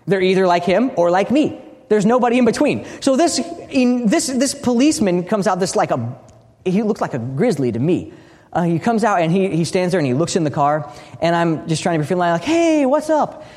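A man's voice: high voice, fairly quick. American man speaking in an echoing hall. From United States. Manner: lively storyteller, repeats words as he restarts. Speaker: speaker at a training session. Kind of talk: teaching talk with a told story. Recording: long reverb of a big hall.

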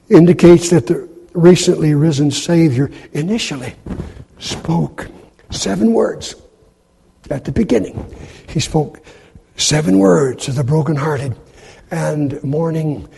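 A man preaching a sermon in a dramatic way, acting out quoted speech in loud, high bursts. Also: creaky, slightly rough. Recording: long hall reverb.

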